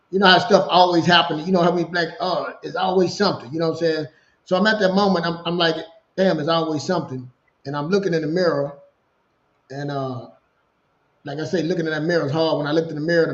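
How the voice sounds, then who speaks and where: A man in his forties telling his own story in a casual, animated way, repeating himself and acting out the dialogue, over a video call. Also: on the high side, echoey room, dull audio. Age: 40s. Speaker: guest.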